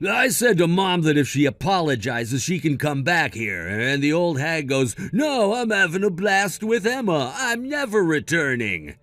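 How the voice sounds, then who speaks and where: A man's voice: fairly high pitch, very animated, measured pace, few pauses, fairly bright tone, no echo, soft background music. A man doing a whiny selfish brother. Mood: petulant. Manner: petulant and pushy. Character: selfish, whiny grown man demanding his way.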